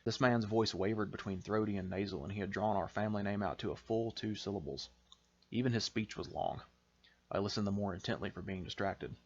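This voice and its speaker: A man, the author, reading a passage from his novel aloud in a measured, expressive storytelling voice. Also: lowish voice, dull audio. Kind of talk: audiobook-style fiction reading.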